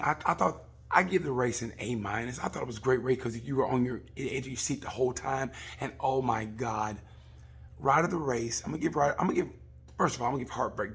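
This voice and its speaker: A man, a comedian, rambling through a casual comic review of a race, swearing and acting out people in quick asides. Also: mid-range voice, a bit bright, breathy edge. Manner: rambling, profane, acts out voices in quick asides.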